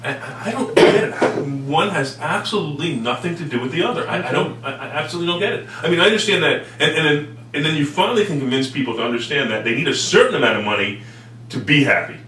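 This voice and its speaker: Man, host, fast talker, bright tense voice, echoey room, far from mic. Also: fairly high pitch, lively intonation. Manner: quick backchannel, agreeable, repeats "right". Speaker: show host. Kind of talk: conversational interview. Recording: roomy, distant mic, faint hum.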